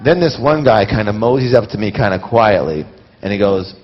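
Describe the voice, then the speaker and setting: A man telling stories to a live seminar audience in an animated way, talking straight to the listeners. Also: lowish voice, normal speed. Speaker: seminar speaker. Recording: dull lo-fi recording.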